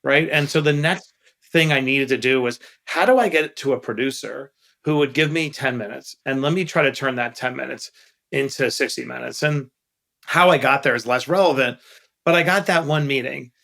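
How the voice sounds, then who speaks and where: Middle-aged New man, podcast guest, candid and earnest, gravelly voice with a bright, forceful edge. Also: mid-range voice, normal speed. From Queens, New York. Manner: candid, earnest storyteller who stresses key points. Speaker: guest investor. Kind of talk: podcast interview storytelling.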